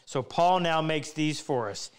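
Smooth-voiced man hosting a workshop Q&A. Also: on the high side, a little slow. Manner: chatty, self-deprecating, meandering anecdotes. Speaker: woodworking teacher and show host. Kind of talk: live Q&A, casual storytelling. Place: woodworking workshop.

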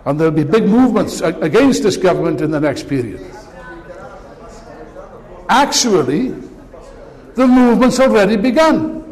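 A man's voice: sits high, sing-song, normal speed, pauses often, darkish tone. Impassioned male speaker in a reverberant hall. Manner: impassioned, mocking asides. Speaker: political speaker. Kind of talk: live political speech. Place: large meeting hall.

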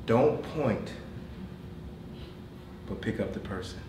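Animated storyteller man, echoey and far. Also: fairly low pitch, slow pace. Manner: animated storytelling, laughing as he tells stories; addresses the audience directly and playfully. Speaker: motivational speaker. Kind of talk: motivational speech to a business team. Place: corporate meeting room. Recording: echoey room from far off, noisy.

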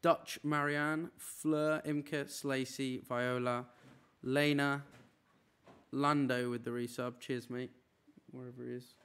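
Streaming from an apartment room, a young man chats casually in a medium-pitched voice that's fairly bright and clean, with little pitch movement. At one point he rattles off a long list of names in a quick run.

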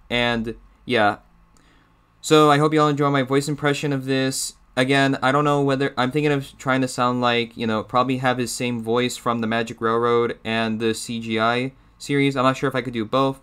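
A man talks casually to his viewers, rambling and hesitating with lots of fillers. His voice is smooth and clear at a middle pitch. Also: little pitch movement, brisk, a bit bright. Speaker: YouTuber. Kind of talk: casual chat.

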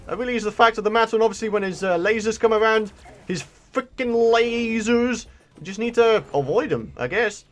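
A young man giving chatty, excitable commentary as he plays through a game, often breaking into exclamations. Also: sits high, a little fast. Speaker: let's play host. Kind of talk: gameplay commentary.

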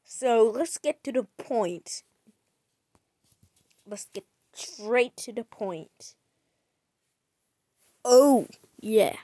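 Very slow-talking woman streamer, high voice. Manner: chatty, with sudden loud excited outbursts. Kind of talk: gaming livestream commentary.

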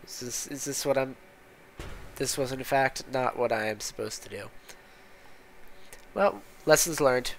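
A man's voice: mid-range voice, a little slow, pauses often, a bit bright, a little hiss or hum. A man talking over his gameplay in a casual, exasperated way. He swears constantly and mutters complaints as things go wrong. His commentary is loose and unscripted. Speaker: gaming channel host.

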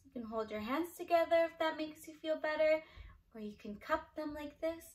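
A young woman leading a children's circle-time lesson, talking in a sing-song, encouraging way pitched to small children. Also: moderate pace. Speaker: early-years program leader.

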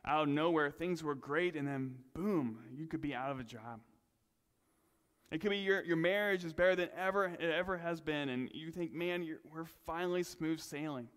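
A male pastor preaching a sermon in a relaxed, conversational way, with self-deprecating asides. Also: on the high side, moderate pace, in a large hall. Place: church sanctuary.

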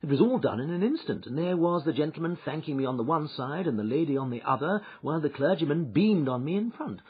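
A man reading an audiobook, voicing a shrewd male detective who recounts his adventure with lively, wry storytelling, on a dull lo-fi recording. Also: a little high, quick pace, breathy edge. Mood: amused.

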